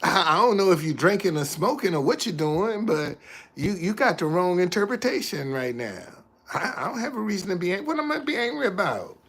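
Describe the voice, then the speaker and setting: A man hosts a casual livestream and fires back at his chat. His voice sits high and swings widely in pitch. He talks in animated bursts and repeats himself. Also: fairly quick, breathy edge. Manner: animated, repetitive, laughing, talks back to commenters. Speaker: livestream host.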